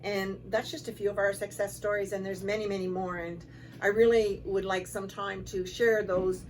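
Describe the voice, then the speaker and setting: A woman, executive director of a shelter, telling stories in a relaxed conversational way, quoting people as she goes. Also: mid-range voice, normal speed. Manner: conversational, relaxed, with fillers and quoted dialogue. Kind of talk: casual storytelling to camera. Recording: distant mic with faint background noise.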